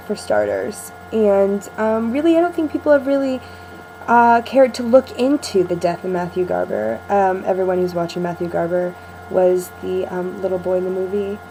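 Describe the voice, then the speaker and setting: A woman's voice: medium pitch, noisy background. A young woman chatting in a casual video diary to a friend, rambling and sarcastic, with lots of ums, recorded at home. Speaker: vlogger.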